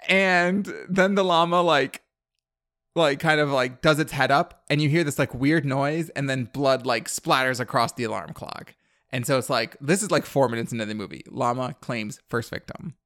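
A man's voice: medium pitch, moderate pace, a bit bright, dry recording, studio quality. A young man co-hosting a podcast, recapping a movie in rambling casual chat full of "like" and laughter. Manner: rambling, filler-heavy, laughing often. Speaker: podcast co-host.

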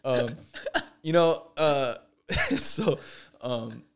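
A man's voice: mid-range voice, very slow, gravelly, clean tone. A young man hosting a podcast in casual chat, laid-back and laughing, with lots of fillers. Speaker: podcast host.

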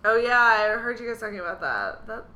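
A woman's voice: fairly high pitch, big pitch swings, fairly quick, sharp tone, a little hiss or hum. A woman co-hosting a podcast in casual chat, firing off questions and exclamations. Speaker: podcast co-host. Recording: echoey room.

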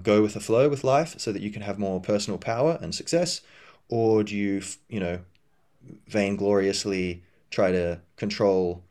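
A man with a fairly low, slightly mellow voice hosts a podcast as a loose, reflective monologue. He rambles and restarts sentences, filling gaps with "um" and "you know," and occasionally jumps up in pitch to act out an imagined inner voice.

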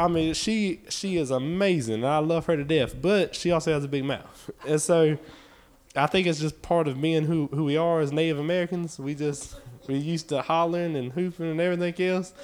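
A man preaching a sermon to his church, building in intensity with repeated phrases and folksy talk. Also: fairly high pitch. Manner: impassioned, repetitive preaching cadence; folksy, with y'all.

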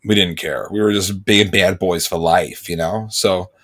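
Deep-voiced and measured, a man co-hosting a casual podcast chat tells meandering stories. He becomes animated when acting out the things other people said.

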